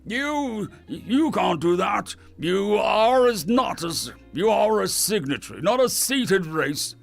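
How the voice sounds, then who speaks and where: A commanding alien council leader from a sci-fi audiobook, barking orders in a loud, imperious voice, as a man puts him on. Faint music sits behind him. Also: mid-range voice, sing-song, a little slow, vocal fry, heavily acted. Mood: stern, angry. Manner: roaring, demanding.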